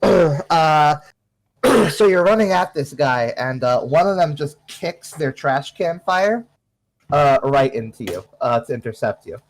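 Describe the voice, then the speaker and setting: A man narrating a tabletop game as game master, halting and full of fillers. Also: fairly high pitch, animated, a little hiss or hum, low-quality recording.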